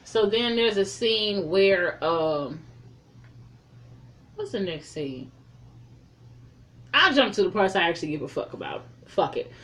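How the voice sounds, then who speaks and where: A woman's voice: mid-range voice, very animated, measured pace, pauses often, fairly bright tone. A woman reviewing a film in a casual, rambling recap, swearing freely and drifting off on tangents. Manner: rambling, profane, loose and chatty.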